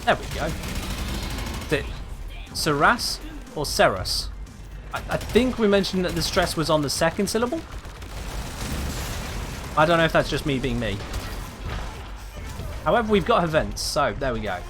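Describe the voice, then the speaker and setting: Chatty man streaming a game over loud music. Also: fairly high pitch, big pitch swings, moderate pace, pauses often. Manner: chatty, muses aloud, keeps asking viewers about a pronunciation. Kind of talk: casual live-stream chat while gaming.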